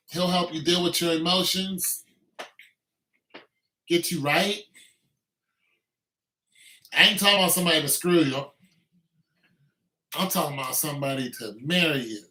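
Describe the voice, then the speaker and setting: A man's voice: high voice, pushed and bright. A man in a blunt, preachy and joking casual rant, recorded in an echoey room with faint music behind. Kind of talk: casual rant with improvised singing.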